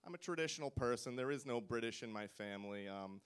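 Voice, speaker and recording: A man's voice: medium pitch, lively intonation, fast talker, clear, resonant tone. A man riffing as a comedian contestant on a club stage, rambling and wry. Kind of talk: stand-up riffing.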